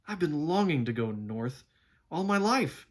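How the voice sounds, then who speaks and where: A man doing an eager young boy, pitched high. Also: very animated, unhurried. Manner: eager, earnest, easily shocked. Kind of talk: storybook read-aloud.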